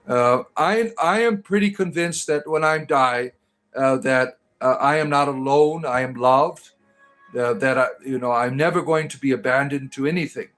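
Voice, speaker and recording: A man from Detroit hosts a casual livestream, reading out his viewers' comments and answering them one by one. His voice sits a little high, and his talk rambles, full of fillers and false starts. Faint music plays quietly behind him. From Detroit, Michigan. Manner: rambling, hesitant, many fillers and restarts. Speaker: livestream host reading chat.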